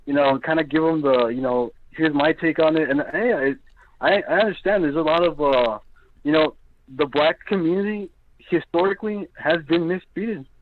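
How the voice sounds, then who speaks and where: A man's voice: a little high, normal speed, a little hiss or hum. Hesitant man on a tinny phone line. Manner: hesitant, filler-heavy. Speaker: caller. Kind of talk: call-in show conversation.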